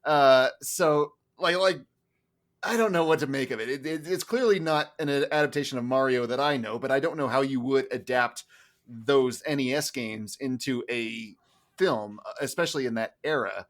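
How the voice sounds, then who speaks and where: A man's voice: medium pitch, normal speed. A man giving his thoughts on a film as a podcast juror, hesitant and full of fillers. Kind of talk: casual podcast chat.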